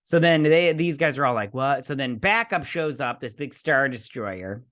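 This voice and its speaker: A man's voice: mid-range voice, animated, moderate pace, a bit bright. A man hosting a casual episode recap and review, rambling through a loose play-by-play and adding his own sound effects. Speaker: host.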